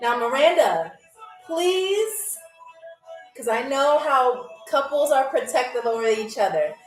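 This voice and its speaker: A woman's voice: high-pitched, very animated, slow pace, roomy sound, faint music behind. A woman hosting a live-stream game show in a playful, chatty way, often laughing as she talks, speaking into a phone. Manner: playful, chatty, laughing through her lines.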